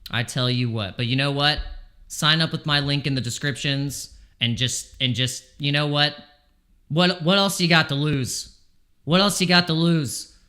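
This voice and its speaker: A man's voice: a little high, normal speed, bright, forceful tone. A man streaming his crypto trades live from home, talking anxiously and pleading over and over with the market. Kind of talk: live trading stream commentary.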